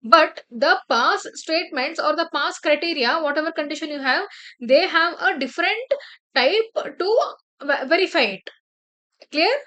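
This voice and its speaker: A woman with a high voice walks through a coding tutorial one step at a time. She talks at a desk mic and keeps checking that her listeners follow along. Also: lively intonation, normal speed, bright, forceful tone. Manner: explains step by step, often checks with "right?" and "clear?". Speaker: programming teacher. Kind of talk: screen-share coding tutorial.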